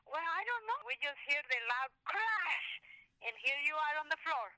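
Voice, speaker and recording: High bright-voiced mother. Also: moderate pace, dry recording, rough recording. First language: Spanish. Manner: animated, acts out quotes, hesitant restarts. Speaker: mother telling a family story. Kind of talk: casual storytelling.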